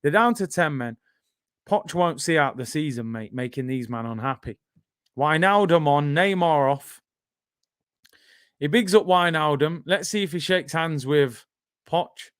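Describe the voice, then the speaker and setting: A man with a British accent hosting a live football watch-along, bantering excitably and reading out viewer comments. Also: a little high, normal speed, no echo, clean studio sound.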